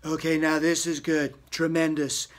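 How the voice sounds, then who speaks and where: A man doing a deep husky boastful politician. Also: monotone, moderate pace, lightly acted. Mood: bragging. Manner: boastful, repeats himself over and over. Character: boastful older male politician impression, blustering and self-praising. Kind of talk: comic impression.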